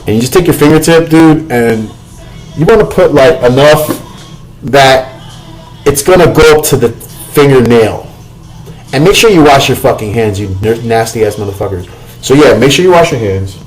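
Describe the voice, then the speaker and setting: A man's voice: mid-range voice, lively intonation, moderate pace, faint music behind, low-quality recording. A man hosting a casual cooking vlog from his home kitchen, rambling and swearing freely as he talks. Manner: profane, rambling, keeps asking "you know what I'm saying".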